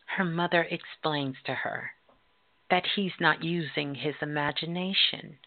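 A middle-aged woman radio host telling a story in a slow, drawn-out, emphatic way. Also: sits low. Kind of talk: storytelling talk. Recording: tinny phone-like line.

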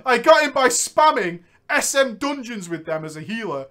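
A man's voice: very high-pitched, sing-song, normal speed, pushed and bright. A man telling a gaming story in a giggly, bantering comedy chat. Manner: giggly, banters between lines. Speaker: podcast host reading a story.

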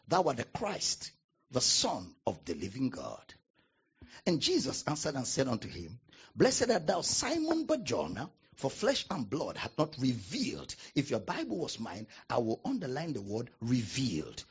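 Raspy-voiced preacher with sweeping pitch. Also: male voice, wildly swooping pitch, highs cut off. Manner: preaching with dramatic pauses and emphatic repetition. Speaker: pastor. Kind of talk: sermon.

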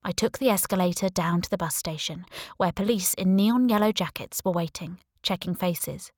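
A woman's voice: on the low side, normal speed, dry recording, studio quality. A woman narrating a first-person audiobook in a wry, breezy storytelling manner.

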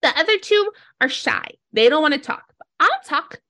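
A woman voicing a small, shy, excitable creature that talks in a rushed, childlike way. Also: high-pitched, dry recording, clean studio sound, pitched above the performer's own voice, full character voice. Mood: earnest.

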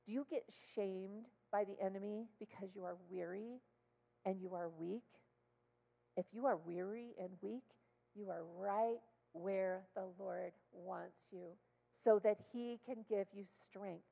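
A woman preaching a passionate sermon in church, often rising to loud exclamations. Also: mid-range voice, unhurried, gravelly, big-room sound, lo-fi sound. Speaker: guest speaker. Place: church sanctuary.

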